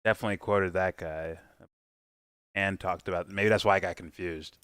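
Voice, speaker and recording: A man's voice: deep voice, steady tone, moderate pace, a bit bright, clear, resonant tone, dry recording. A man hosting a casual livestream, reacting and chatting in a rambling, giggly, profane way. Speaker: livestream host.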